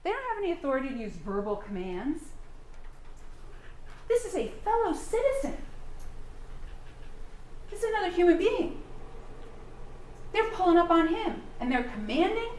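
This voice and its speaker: A woman's voice: very high voice, sing-song, moderate pace, pauses often, darkish tone. A woman prosecutor giving a courtroom closing argument, firing pointed rhetorical questions at the jury. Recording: roomy courtroom sound, faint hum.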